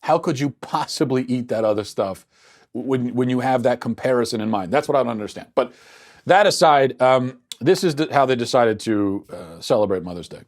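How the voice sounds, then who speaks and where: A man's voice: mid-range voice, animated, normal speed. A man hosting a political commentary show, talking in an incredulous, argumentative, sarcastic way.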